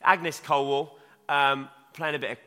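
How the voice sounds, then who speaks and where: Bright-voiced young male preacher in a reverberant hall. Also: a little high, flat delivery, unhurried. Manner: conversational, self-mocking asides. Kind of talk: sermon. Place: church hall.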